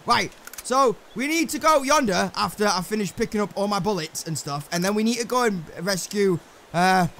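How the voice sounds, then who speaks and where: An English man giving excitable, swearing let's play commentary to himself while he plays, with game music behind him. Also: high-pitched, moderate pace, vocal fry, slight background noise. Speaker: gameplay commentator.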